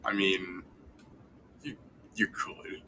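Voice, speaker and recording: A man's voice: low-pitched, very slow, crowd noise, low-quality recording. A man running a tabletop game over voice chat, laid-back and swearing casually. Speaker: game master.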